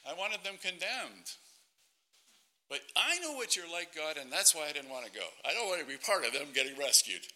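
A preacher putting on an indignant, grumbling prophet. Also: male voice, fairly high pitch, big pitch swings, normal speed, sharp tone, pitched above the performer's own voice, full character voice. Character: resentful male prophet grumbling at God.

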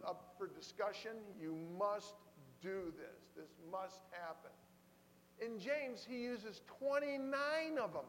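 A man delivers a sermon in a high, bright-sounding voice, breaking into put-on voices and laughing as he tells stories. The room carries a long reverberant tail. A faint hum sits underneath. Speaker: preacher.

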